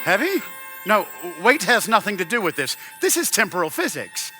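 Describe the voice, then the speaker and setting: An actor playing an eccentric, excitable older male scientist in a stage musical, with a grand, theatrical delivery. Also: high voice, normal speed, faint music behind, heavily acted. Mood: grandiose.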